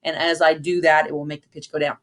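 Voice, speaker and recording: Patient woman band teacher, lowish voice. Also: little pitch movement, fast talker. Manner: patient, counts aloud and demonstrates sounds. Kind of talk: instructional lesson with counting.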